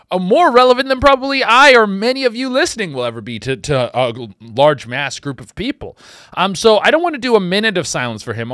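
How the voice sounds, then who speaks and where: A man hosting a comedy podcast, rambling casually and swinging between loud outbursts and quiet mutters. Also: a little high, dry recording, studio quality. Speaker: podcast host.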